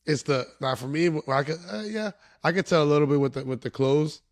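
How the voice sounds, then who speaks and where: Eager, laughing man with a higher voice. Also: lively intonation, brisk, dry recording. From Yonkers, New York. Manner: laughs often, reacts eagerly. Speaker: podcast co-host. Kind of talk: casual chat.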